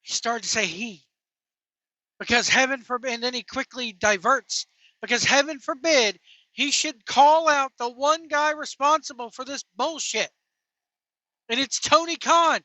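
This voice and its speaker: A woman's voice: high-pitched, measured pace, pushed and bright, no echo. A woman giving a profane, mocking rant reacting to wrestling clips, talking while driving. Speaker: wrestling commentary vlogger. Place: in a vehicle.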